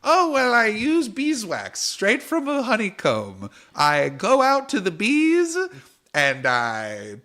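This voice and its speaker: A fussy goblin with a proud mustache, his voice jumping high and fretful, as a man puts him on. He pleads and frets in a bright, lively tone that swoops around. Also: slow, exaggerated voice.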